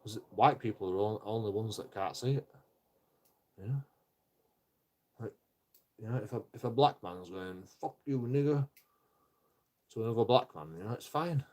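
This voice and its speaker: A man with a low, husky voice rants on a live stream. He rambles and swears freely, often tripping over his words and starting sentences again. His speech stays loose and unpolished. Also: normal speed, long pauses, a little mellow. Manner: rambling and profane, with frequent restarts. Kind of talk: casual live-stream rant.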